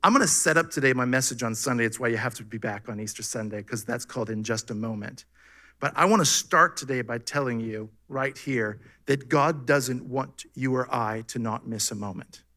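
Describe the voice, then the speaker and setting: Bright-voiced animated pastor. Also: male voice, medium pitch, moderate pace. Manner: animated preaching with rhetorical questions. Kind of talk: sermon. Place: church sanctuary.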